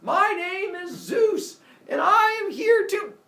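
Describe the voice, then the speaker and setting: A man voicing the god Zeus as a boastful, excitable young ruler, talking loud and high and breaking into laughter. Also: slow pace, gravelly, exaggerated voice. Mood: excited. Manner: shouting, laughing, high-pitched. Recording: roomy, distant, faint noise.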